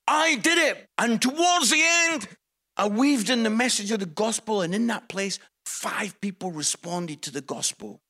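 A man, a Christian comedian, telling a story in an animated, exclamatory way. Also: high voice. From Scotland.

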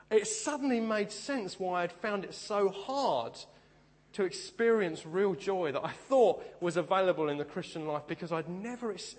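A man's voice: high-pitched, big-room sound. A man preaching a sermon, telling personal stories with self-deprecating humor and stop-start phrasing. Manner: speaks in bursts with repeated restarts.

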